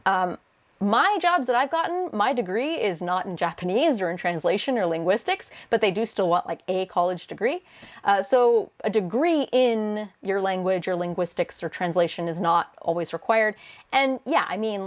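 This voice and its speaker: A woman's voice: mid-range voice, lively intonation, normal speed. A young woman who works as a translator, answering viewer questions in a casual vlog, chatty and full of fillers. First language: English. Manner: chatty, many fillers and restarts, laughs often. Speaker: translator and video host.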